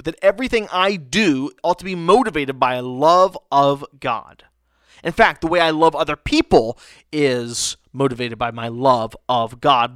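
A man's voice: on the high side, fairly bright tone, no room sound, studio quality. A man preaching a conversational sermon who often restarts his sentences and checks in with rhetorical questions. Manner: halting, frequent restarts, rhetorical "right?". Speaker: pastor.

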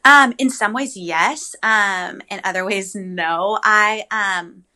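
A young woman with a bright, clear tone chats through a personal story as an interview guest. She talks in an animated, rambling way, with frequent ums and likes. Her pitch sits in the middle range for a woman. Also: takes it slowly.

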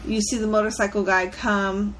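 A woman chatting casually and telling a story with animated energy and offhand swearing. Her voice is at an ordinary pitch for a woman. Faint background noise sits beneath her. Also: normal speed.

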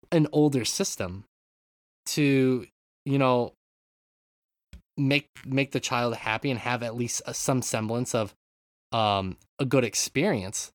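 A man hosting a casual gaming podcast, rambling from point to point and swearing freely as he goes. His voice sits at an ordinary middle pitch. The sound is dry and close on a podcast mic. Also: dry recording. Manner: rambling, swears freely, reads listener comments. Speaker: podcast host.

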